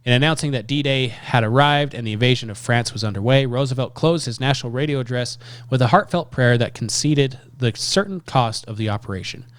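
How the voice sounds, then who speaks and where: A man's voice: mid-range voice, a little fast, dry recording. Podcast man reading history, dry sound. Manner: reads historical quotes with emphasis. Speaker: podcast co-host. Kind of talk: casual chat, reading quotes aloud.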